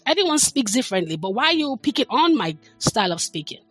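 Husky, lively woman. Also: fairly high pitch, fast, no echo, faint music behind. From Nigeria. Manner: emphatic, passionate, stresses words. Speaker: podcast guest. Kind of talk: casual chat.

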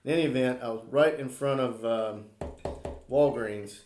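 A man's voice: mid-range voice, moderate pace, darkish tone, slight background noise. A man chatting casually, telling rambling stories and acting out what friends said. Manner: rambling storyteller, acts out quotes. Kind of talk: casual chat. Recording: roomy.

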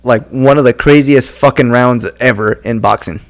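A man casually watching an old boxing match with a friend, cursing a lot and breaking into loud excited shouts. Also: medium pitch, moderate pace. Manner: excitable, bursts into loud yells and mocking put-on voices. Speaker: co-commentator watching a boxing fight. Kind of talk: casual profane fight watch-along.

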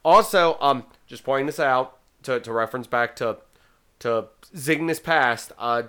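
A male podcast host chatting casually with friends. His voice is bright and clear, and he rambles along, often restarting and repeating his words. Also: medium pitch, a little slow.

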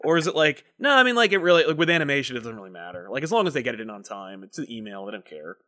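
A man hosting a casual chat, telling animated stories full of swearing and acted-out voices. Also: very fast. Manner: animated storyteller, swears, acts out voices with big pitch jumps. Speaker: podcast host.

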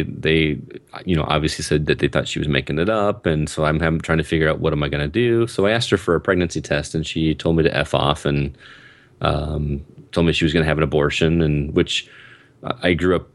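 A man's voice: very deep voice, brisk, dry recording. A man in his thirties telling a long personal story in casual conversation, rambling and restarting his sentences with lots of ums. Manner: rambling, self-interrupting storyteller with frequent ums.

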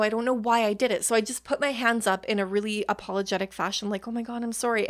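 A young adult woman hosting a podcast, telling personal stories in a chatty, casual way with casual swearing and self-deprecating asides. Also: medium pitch. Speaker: podcast host. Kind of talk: casual storytelling monologue.

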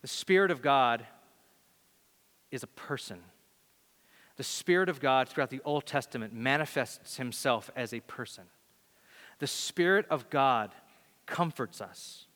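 A man preaching a sermon and telling a story in an animated, conversational way, with frequent restarts. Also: medium pitch, measured pace, long pauses. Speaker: pastor. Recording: long hall reverb.

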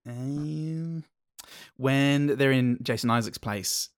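A male podcast co-host chats casually about a film, hesitant and rambling, trading sweary banter. He takes it slowly in a mid-range voice with a clean tone.

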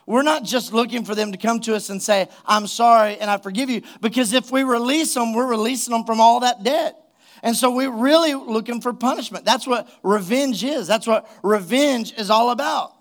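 A man with a high, light voice preaches a sermon. He drives his points home with emphasis and keeps asking the congregation rhetorical questions. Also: normal speed. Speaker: pastor.

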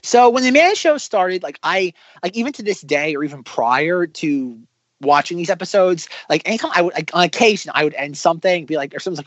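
A man in his thirties talks in a bright, high register that leaps up and down as he rambles through casual podcast chat, piling on fillers as he goes. The sound is dry and a little dull, like close, lo-fi podcast audio. It stays loose and chatty throughout. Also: quick pace, no echo. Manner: animated, rambling with many "like" fillers. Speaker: podcast co-host.

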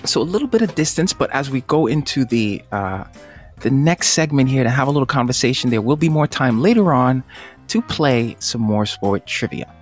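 A man hosting a playful tongue-twister game on a video call, upbeat and quick to laugh. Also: faint music behind. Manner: upbeat, laughs often, very lively pitch. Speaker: host. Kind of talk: game show banter.

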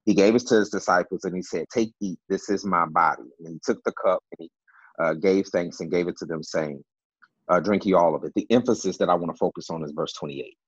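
A man with a low, husky voice explains Bible passages in a panel discussion. He presses his points by repeating key words and fills pauses with "uh". The sound is dry and dull, like a lo-fi recording. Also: no room sound. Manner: emphatic, repeats key words, many fillers. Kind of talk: Bible teaching in a panel talk.

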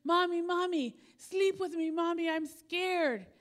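A woman's voice: very high voice, unhurried, voice pushed up. A woman voicing a frightened five-year-old boy in a pleading, whiny way.

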